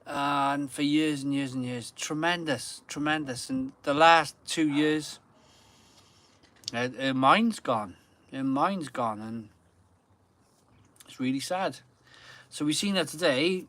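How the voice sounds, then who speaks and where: A man hosts a live stream, talking casually and at length from his garden. His voice is bright and forward, recorded close and dry. He rambles and doubles back on his own words to stress them. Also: on the high side, a little slow, dry recording. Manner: rambling, repeats phrases for emphasis. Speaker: beer channel host. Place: home garden.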